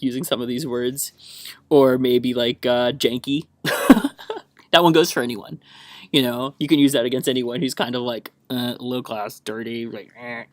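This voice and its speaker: A man's voice: medium pitch, dry recording. A young man from the American South talks on a solo podcast in a chatty, rambling way, laughing often. He sounds wired on caffeine, and his mid-range voice is recorded close and dry. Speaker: podcast host.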